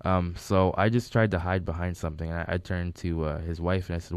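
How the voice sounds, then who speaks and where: A man with a very low, smooth and resonant voice tells casual stories about a friend who has died. He rambles and restarts his sentences as he goes. The studio sound is dry and close. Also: flat delivery, a little fast, no echo. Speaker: friend giving a tribute. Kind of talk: casual storytelling. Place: recording studio.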